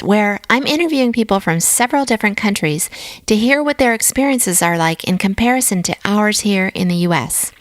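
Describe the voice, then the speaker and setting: A woman's voice: medium pitch, fairly bright tone, no room sound. A woman hosting a podcast interview, chatty and upbeat. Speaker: podcast host.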